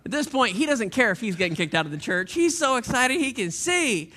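A man's voice: very high voice, very animated, brisk, bright, forceful tone. A male pastor giving a sermon in a playful storytelling manner, acting out the scripture with voices.

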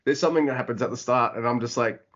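A man co-hosting a podcast, chatting casually in an animated way, swearing and acting out quotes. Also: medium pitch, rapid-fire. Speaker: podcast co-host. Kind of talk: casual chat. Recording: dull lo-fi audio.

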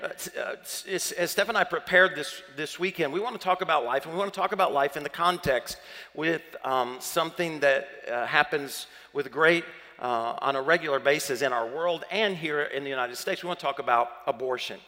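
Bright-voiced Southern pastor in a hall. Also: male voice, on the high side, a little fast. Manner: playful, chatty, quizzing the congregation. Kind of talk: sermon.

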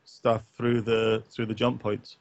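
A man's voice: fairly low pitch, monotone, takes it slowly, gravelly, no echo, highs cut off. A man co-hosting a late-night gaming stream, rambling in a casual chat full of fillers, restarts and offhand swearing. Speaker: co-host of a gaming talk stream.

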